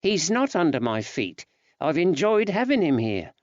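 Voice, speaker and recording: A man voicing a fond, fretful wife in old England who talks in a warm, earnest, chatty way. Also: fairly high pitch, big pitch swings, unhurried, dry recording, voice pushed up. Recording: dry, slightly dull recording.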